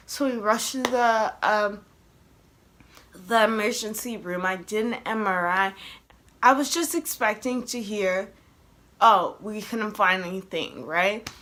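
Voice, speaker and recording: A woman's voice: medium pitch, a little slow, bright, forceful tone. A young woman casually telling a personal story to her vlog camera, chatty and full of "like", acting out the voices of people she quotes. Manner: chatty, heavy use of "like", acts out quoted voices. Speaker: vlogger.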